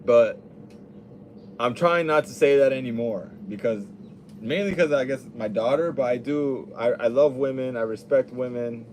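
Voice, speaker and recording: A man's voice: medium pitch, moderate pace, a little hiss or hum. A young adult man hosting a podcast, talking casually in a rambling, profane, laid-back monologue.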